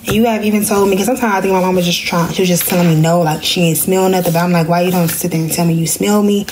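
Young woman telling a story, lowish voice. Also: racing, crowd noise. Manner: animated, jumps into high voices when quoting people. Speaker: podcast host. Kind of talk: casual storytelling.

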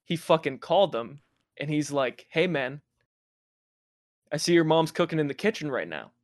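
A young man with a slightly high voice tells a rambling party story, swearing and laughing as he goes. The sound is dry and close, with no room around him. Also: normal speed, no room sound. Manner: profane, laughing, animated anecdote telling. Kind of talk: casual storytelling chat.

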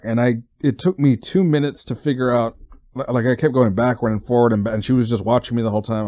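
Podcast host, twenties, from Texas; dark, relaxed tone, dry booth sound, casual profane rambling with restarts. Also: male voice, medium pitch, quick pace, no room sound. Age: 20s.

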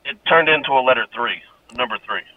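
Over a muffled, faintly hissing phone line, a young adult male caller rambles through a personal ghost story, swearing casually and laughing a lot. He speaks fairly quickly at a medium pitch, with no room sound around him.

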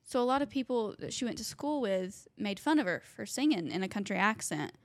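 A woman's voice: mid-range voice, lively intonation, no room sound. A woman in her twenties co-hosting a casual podcast, a mother who talks in an easygoing, agreeable way. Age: 20s. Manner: easygoing, agreeable, quick asides. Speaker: podcast co-host. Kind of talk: casual chat.

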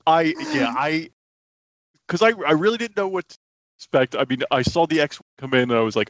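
A man hosting a podcast, talking in a casual, excited way with lots of restarts and fillers. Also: fairly high pitch, fairly quick, no echo. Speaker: podcast host. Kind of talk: casual chat.

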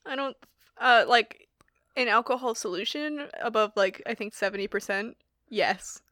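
A woman's voice: a little high, normal speed, bright, forceful tone, no room sound, studio quality. A young woman chatting casually, rambling with many fillers and frequent laughter. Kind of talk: casual chat.

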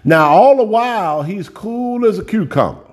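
A man with a fairly high voice preaches a sermon in a loose, folksy way. He speaks straight to his listeners and doubles back on words as he builds each point. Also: expressive, moderate pace. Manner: repeats words while building up, folksy and direct.

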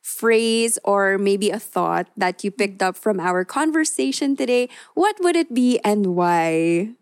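A woman's voice: mid-range voice, animated, slow pace, smooth, dry recording, clean studio sound. A woman from the Philippines co-hosting a casual podcast, chatty and laughing along, mixing Tagalog and English. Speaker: podcast co-host.

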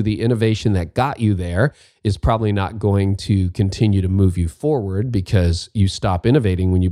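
A man's voice: fairly low pitch, warm tone, no echo, studio quality. A middle-aged man from Canada hosting a podcast, answering listener questions in a candid, self-deprecating way and repeating his key points. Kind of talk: casual advice talk.

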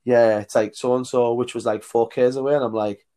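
A man's voice: medium pitch, steady tone, normal speed, mellow. A man, a tour leader and podcast guest, telling blunt stories and laughing between his points. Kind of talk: casual podcast storytelling.

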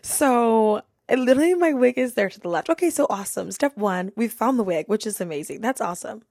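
A woman's voice: a little high, expressive, brisk, gravelly, darkish tone, no echo, studio quality. A young woman hosting a podcast, telling a funny story casually and laughing through it. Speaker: podcast host.

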